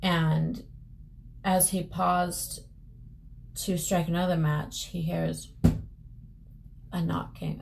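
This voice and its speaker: A woman's voice: lowish voice, flat delivery, extremely slow, gravelly, long pauses, noisy background. A young woman vlogger casually retelling a story at home while getting ready, with loose restarts and "she's like" phrasing, recorded on a camera mic.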